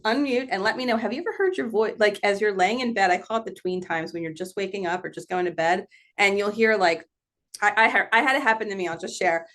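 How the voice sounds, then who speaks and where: Speaking fast in a mid-range voice, a woman medium hosts a live online session over a video call. Her casual stream talk is chatty and animated, and she laughs often.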